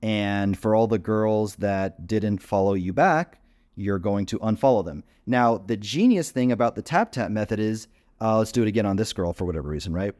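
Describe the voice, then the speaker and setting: A man's voice: fairly low pitch, moderate pace, a little mellow. A man giving a screen-share tutorial as a dating coach, casual and full of fillers while he clicks through screens.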